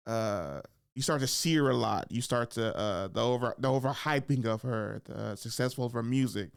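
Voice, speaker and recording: A man's voice: mid-range voice, smooth, no room sound, clean studio sound. A young man hosting a podcast in casual comedic chat, swearing freely and acting out voices. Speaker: podcast host.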